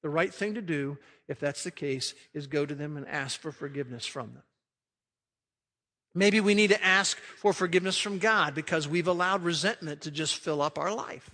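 A man preaching a sermon as pastor, emphatic, swelling loud and then dropping to a quiet hush. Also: on the high side, moderate pace, big-room sound.

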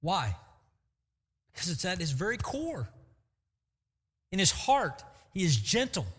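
A man preaching a sermon as pastor, lively and acting out quotes to make his points. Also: sits high, takes it slowly, breathy edge. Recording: long hall reverb.

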